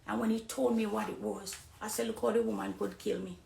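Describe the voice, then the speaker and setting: A middle-aged Jamaican woman giving an impassioned personal testimony on a live stream, preachy, swinging between hushed confiding and loud accusing. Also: medium pitch, steady tone, a little fast, gravelly, roomy sound, a little hiss or hum. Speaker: dancehall artist on a live stream.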